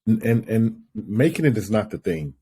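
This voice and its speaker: A man's voice: on the low side, sing-song, moderate pace, mellow, slight background noise. A man hosting a podcast interview, encouraging his guest with short affirmations. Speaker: podcast host. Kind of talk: interview, brief backchannel responses.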